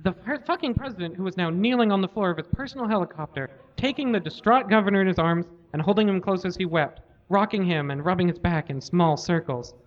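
Casting: male comedy host, deadpan live reader, high voice, lo-fi audio. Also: fast talker, hardly any pauses. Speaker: comedy podcast host reading aloud. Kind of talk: live reading of fan fiction. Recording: lo-fi live recording.

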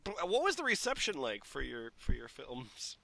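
A man co-hosting a comedy podcast, throwing in quick jokes and questions. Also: medium pitch, huge pitch swings, gravelly, sharp tone, a little hiss or hum. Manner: quick jokes, asks questions, laughs often. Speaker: podcast co-host. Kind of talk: casual comedic chat.

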